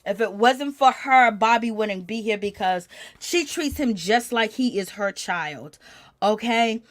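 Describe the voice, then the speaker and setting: A woman giving animated gossip commentary, reacting with exclamations as she recaps a show. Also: on the high side, unhurried. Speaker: commentary channel host.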